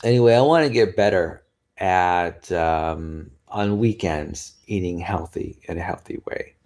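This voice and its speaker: A man's voice: low-pitched, measured pace, a little mellow. A man talking casually to his viewers in a chatty, rambling way, tired and yawning now and then. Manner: chatty, rambling, with frequent laughs and sighs. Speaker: vlogger. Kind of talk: casual chat to camera.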